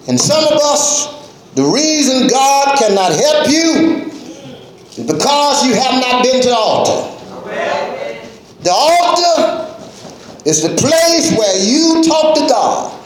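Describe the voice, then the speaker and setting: A man preaching a fervent sermon, often shouting with drawn-out emphasis, in a church with his congregation. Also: very high voice, big pitch swings. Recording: echoey church hall with congregation.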